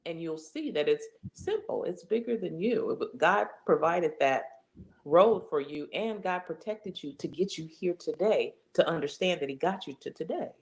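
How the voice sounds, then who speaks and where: Woman interview guest, slight fry in the voice, animated inspirational speaker. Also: fairly low pitch, normal speed. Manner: animated, acts out quoted voices, emphatic.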